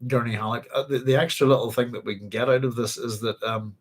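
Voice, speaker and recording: Man, Northern Irish accent, husky voice, casual book club chat, halting with ums, occasional cough. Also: medium pitch, fairly even intonation. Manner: rambling, halting, with frequent ums and self-corrections. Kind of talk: casual book discussion and reading aloud.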